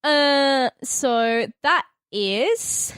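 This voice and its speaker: A woman's voice: sits high, expressive, drawn-out words, fairly bright tone, no echo, studio quality. A young woman co-hosting a podcast in casual chat, giggly and playful. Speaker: podcast co-host.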